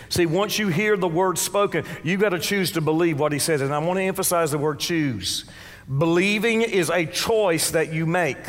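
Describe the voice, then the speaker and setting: A man preaching a sermon with fervent call-and-response exhortation, dropping to quiet asides and rising to shouts. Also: sits high. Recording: long church-hall reverb.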